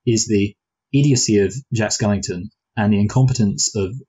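A man with a low, somewhat husky voice talks through a film review in a loose, rambling way. He often restarts his sentences and drifts into playful what-if asides. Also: normal speed, dark tone, low-quality recording. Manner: rambling, hesitant, full of restarts and fillers. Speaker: film review podcast co-host. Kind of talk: casual film review chat.

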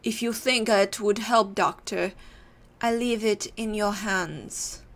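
A woman voicing a tormented gentleman haunted by a dark vision, reading his game dialogue aloud in a put-on, slightly odd accent. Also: medium pitch, steady tone, takes it slowly. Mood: haunted, solemn. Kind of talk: let's play dialogue reading.

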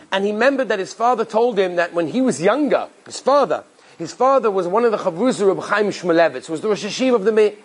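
Male rabbi storyteller, quick and lively in delivery, with a husky, raspy edge. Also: sits high, poor audio. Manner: animated, repeats phrases for emphasis. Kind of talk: telling an inspirational story.

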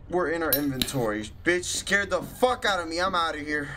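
A man's voice: a little high, animated, normal speed, hardly any pauses, pushed and bright, a little hiss or hum. Jumpy, swearing man playing a horror game. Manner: jumpy, swearing, talks to himself while playing. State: scared and tense. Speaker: gaming YouTuber. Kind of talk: horror gameplay commentary.

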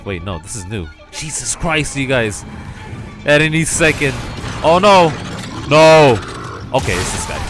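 Panicky man yelling over a horror game. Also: medium pitch. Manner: panicky, yelps and swears. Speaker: let's play gamer. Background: game music.

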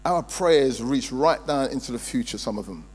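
A male pastor, preaching a sermon in a church hall and swinging between loud emphasis and quiet storytelling. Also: medium pitch, animated, moderate pace, husky. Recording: reverberant hall with mains hum.

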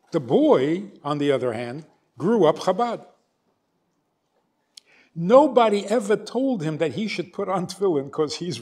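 An older man lectures as a rabbi, his pitch rising and falling widely as he spins a story. He slips into the voices of the people in it, going back and forth between them. His voice sits a little higher than most men's. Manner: animated storyteller, acts out both sides of dialogues. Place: synagogue hall.

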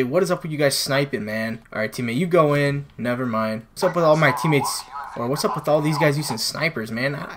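A man's voice: mid-range voice, background noise. A man commentating his own gameplay for viewers on a new microphone, frustrated and exclaiming as he plays. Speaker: gaming channel host. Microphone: new desktop microphone.

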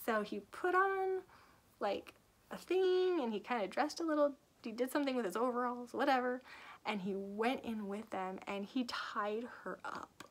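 A woman author giving a casual book review, retelling the plot lively with acted quotes and frequent laughs. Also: a little high, normal speed. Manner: laughs often while talking.

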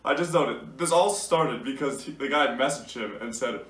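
A young man talks casually about gaming, amused and disbelieving, often breaking into laughter. His voice sits at an ordinary middle pitch. It sounds roomy and a little distant, as if the mic is set back across the room. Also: moderate pace, a bit bright. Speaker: gaming YouTuber. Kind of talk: casual commentary reading out messages.

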